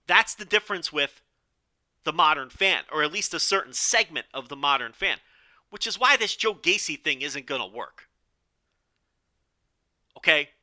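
Hoarse opinionated podcast host, bright voice. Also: male voice, a little high, animated, moderate pace, pauses often. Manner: opinionated, rambling with restarts and "okay?" asides. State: losing his voice, strained. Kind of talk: solo podcast commentary.

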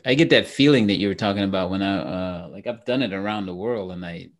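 A man's voice: low voice, quick pace. A man from Trinidad, a comedian and actor, telling stories in casual chat and laughing often. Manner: animated storyteller, laughs often.

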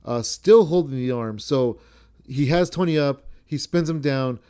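A man's voice: medium pitch, a little slow, mellow, clear, resonant tone. A man hosting a podcast, recapping a match in a rambling, profane, self-correcting way. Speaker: podcast host.

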